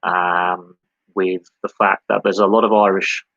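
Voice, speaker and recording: A man's voice: low voice, little pitch movement, unhurried, vocal fry, a bit bright, dry recording, muffled recording. A man from England hosting a solo live sports podcast. He rambles, repeats himself and often restarts his sentences. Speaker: podcast host.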